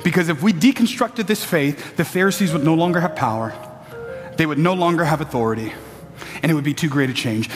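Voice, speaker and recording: A man preaching a sermon, building to shouted peaks and throwing in playful asides to the congregation. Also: a little high, a little fast, in a large hall, faint music behind.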